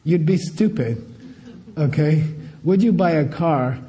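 Mellow man teaching with rhetorical questions. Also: fairly high pitch, slow pace. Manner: conversational, keeps checking in with rhetorical questions. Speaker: spiritual teacher. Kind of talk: informal teaching talk.

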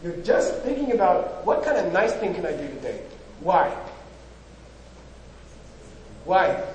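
High-voiced man lecturing in an echoey hall. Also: darkish tone, recorded from a distance, slight background noise. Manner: conversational, rhetorical questions, frequent "you know". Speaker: spiritual teacher. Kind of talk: informal lecture.

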